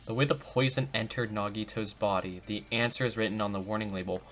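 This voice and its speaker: A man's voice: on the low side, fairly even intonation, quick pace. A man hosting a let's play who jokes about himself and talks to himself while he thinks things through. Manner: goofy, self-mocking, talks to himself. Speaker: gaming video host.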